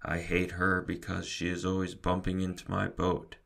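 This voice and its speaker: A man voicing a fussy grown man who owns a model schooner, indignant and bellowing, in a deep gravelly voice. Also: completely flat delivery, moderate pace, fairly bright tone. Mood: grumbling.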